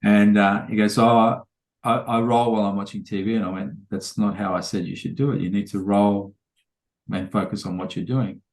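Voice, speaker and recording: A man's voice: on the low side, level tone, normal speed, reverberant. A man, a trainer telling rambling anecdotes full of quoted dialogue in a casual podcast interview.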